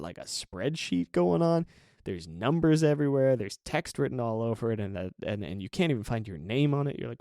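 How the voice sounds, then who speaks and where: Low-voiced man telling a rambling story. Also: darkish tone, no room sound, studio quality. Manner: rambling, chatty, with many fillers and asides. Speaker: podcast host. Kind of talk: casual storytelling monologue.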